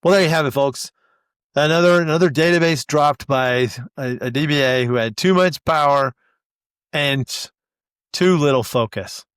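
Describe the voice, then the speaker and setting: A man doing a hushed, eager sports commentator. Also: fairly high pitch, moderate pace, clean tone, no echo, studio quality, close to an everyday voice. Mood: wrap-up. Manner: hushed play-by-play, then rising excitement. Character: excitable male sports commentator calling play-by-play. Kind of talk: comic sketch.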